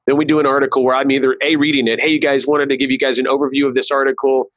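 A man's voice: mid-range voice, little pitch movement, very fast, fairly bright tone, dry recording, highs cut off. A man speaking as a guest on a marketing webcast, rambling, with many restarts and fillers. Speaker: guest, digital marketing consultant. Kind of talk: casual webcast interview.

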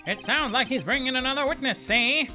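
A man putting on a brash, gruff cop voice. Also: very high voice, fairly quick, over music, voice pushed up. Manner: brash, says "pal" and "see?". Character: gruff, eager, loyal male police detective.

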